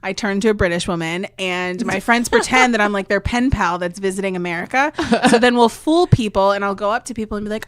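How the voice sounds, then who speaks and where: A young woman tells a story as a podcast guest, filling it with "like" and acting out what everyone said. Her pitch sits in a middle range. The sound is close and dry, with no room around it. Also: quick pace, few pauses, clear, resonant tone, no room sound. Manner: animated storyteller who acts out other people's lines; filler-heavy "like" speech. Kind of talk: casual chat storytelling.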